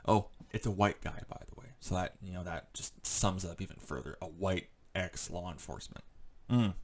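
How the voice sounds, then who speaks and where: A man delivers a heated, profanity-laden vlog rant in a fairly low voice. He rambles and stacks up fillers, still agitated and shaken. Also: moderate pace, slight background noise. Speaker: vlogger. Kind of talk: angry ranting monologue.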